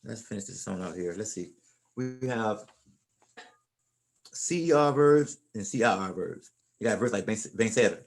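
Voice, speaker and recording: A man teaching a Spanish class in a relaxed, casual way, often repeating and restarting words as he explains. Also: lowish voice, measured pace, vocal fry, long pauses.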